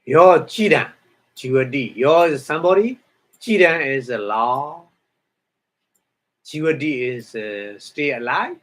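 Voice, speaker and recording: A man teaching a dharma lecture in halting English, explaining Pali terms word by word and often asking "huh?". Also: mid-range voice, animated, a bit bright. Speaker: Buddhist meditation teacher.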